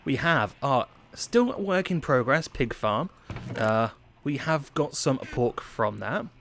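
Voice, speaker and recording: An English man from England talking through a video game tour in a chatty, playful way. His voice sits at an ordinary middle pitch, and he mocks himself now and then as he goes. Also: animated, slow pace, fairly bright tone, slight background noise. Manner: chatty, playful, self-mocking. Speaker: gaming channel host. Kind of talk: gameplay commentary.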